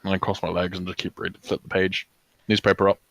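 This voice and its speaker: A man playing a tabletop role-playing game, joking and describing his character's actions in a playful way. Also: sits low. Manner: playful, animated, quick to laugh. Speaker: player.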